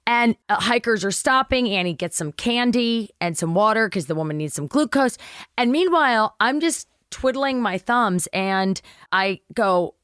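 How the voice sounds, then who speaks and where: A woman guest telling an animated, self-mocking story in casual chat, swearing freely. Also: a little high, moderate pace, clear, resonant tone, dry recording, studio quality.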